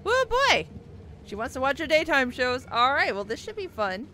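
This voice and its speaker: Hoarse woman reacting as she plays. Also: sits high, big pitch swings, normal speed, bright, forceful tone, slight background noise. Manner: reactive, exclaiming, talks to the game. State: hoarse, losing voice. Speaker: let's play gamer. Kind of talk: gameplay commentary.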